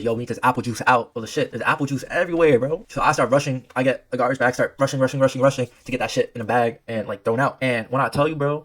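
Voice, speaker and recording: Young male vlogger, mid pitch, rapid excitable slang storytelling. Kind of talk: casual storytime vlog.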